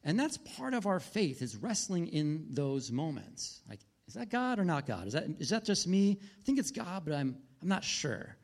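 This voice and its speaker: A man's voice: on the high side, sing-song, normal speed, hardly any pauses. A man, a pastor in his thirties with a wife and kids, preaching a sermon in a conversational storytelling way, full of restarts and asides.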